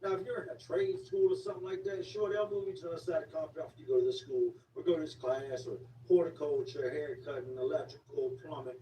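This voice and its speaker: A man's voice: a little high, fast talker, few pauses, mellow. A man telling a story in a casual, slangy way, repeating words for emphasis. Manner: slangy, repetitive street talk. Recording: echoey room, distant mic, faint noise.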